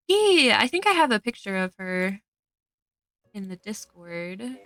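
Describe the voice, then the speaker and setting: A woman's voice: medium pitch, very animated, a little slow, fairly bright tone, no room sound. A young woman streaming a cozy game, chatting casually, reading chat aloud and gushing over cute characters. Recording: dry close sound with faint game music.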